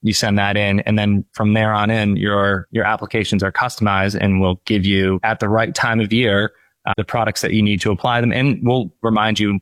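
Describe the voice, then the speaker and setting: A man guest explaining how his company's service works in a casual, halting way. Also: lowish voice, little pitch movement, fairly bright tone, no echo.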